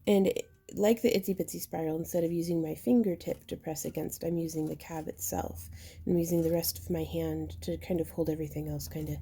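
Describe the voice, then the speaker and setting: A woman with a slightly hoarse voice, chatting casually as she explains a step-by-step craft tutorial while she works. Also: low-pitched, steady tone, brisk, mellow. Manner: chatty, explains while working, with fillers and throat clearing. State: slightly losing her voice. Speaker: jewelry-making instructor.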